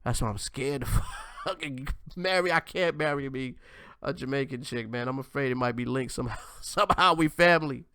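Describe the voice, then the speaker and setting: A man's voice: mid-range voice, normal speed, smooth, no room sound. A man hosting his own online show, talking off the cuff in a mid-range voice. He keeps tacking "man" onto his lines and often stops to restart a thought. The recording is close and dry, with no room sound. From United States. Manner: animated, repeats "man" at ends of lines, frequent restarts. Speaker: host. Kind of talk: casual commentary monologue.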